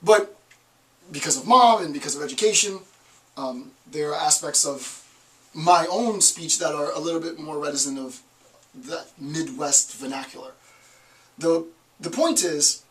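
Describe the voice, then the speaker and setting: A man's voice: fairly high pitch, measured pace, pauses often, fairly bright tone, recorded from a distance, low-quality recording. A man with a Northeast American accent giving a college lecture, talking emphatically and asking rhetorical questions. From Northeastern United States. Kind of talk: classroom lecture.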